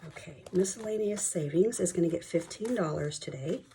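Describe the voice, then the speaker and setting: A young woman vlogger, chatting excitedly as she counts cash at home. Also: fairly low pitch, fairly quick, slight background noise. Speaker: budgeting vlogger. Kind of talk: casual chat while counting cash.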